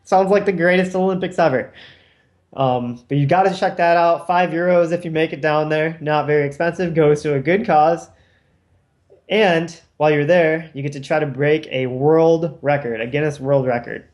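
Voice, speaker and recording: A man's voice: on the high side, normal speed, darkish tone. A man with a New York accent co-hosting a gaming podcast, rambling through a joking culture segment. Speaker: podcast co-host. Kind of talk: casual chat.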